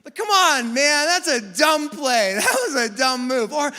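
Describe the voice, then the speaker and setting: A man preaching a conversational sermon as a pastor, animated and joking at his own expense. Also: extremely high pitch, a little slow. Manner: animated storytelling with self-deprecating humor. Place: church sanctuary. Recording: long hall reverb.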